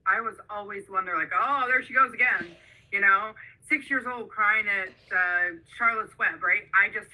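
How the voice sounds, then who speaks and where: Bright-voiced chatty woman. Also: mid-range voice, steady tone, moderate pace, poor audio. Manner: chatty, reflective, rambling. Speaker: caller, group member. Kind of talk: casual chat.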